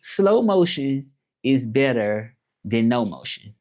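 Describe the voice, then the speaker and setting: A man from Memphis, hosting a casual live chat and repeating his phrases slowly as he thinks them over. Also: medium pitch, big pitch swings, a little mellow. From Memphis, Tennessee, USA. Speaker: livestream host.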